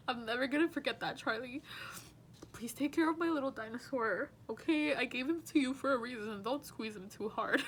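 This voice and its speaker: A young woman with a voice pitched a little high speaks an earnest, rambling goodbye to her former students. She leans on lots of fillers as she talks, and a faint low rumble sits behind her. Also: bright, forceful tone. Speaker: teaching assistant. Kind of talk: heartfelt farewell message.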